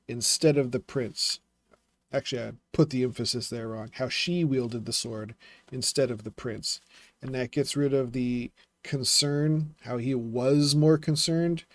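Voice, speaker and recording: A man talking through writing advice in a casual vlog, thinking aloud with fillers and quick self-corrections. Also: medium pitch, no echo. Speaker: self-publishing vlogger critiquing writing.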